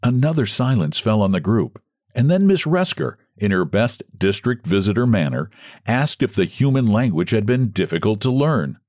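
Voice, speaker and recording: A man reading a story aloud in a measured, expressive way. His intonation rises and falls in a lively way. The recording is dry and close, with no room sound. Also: fairly low pitch, no echo. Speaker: narrator. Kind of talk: audiobook narration.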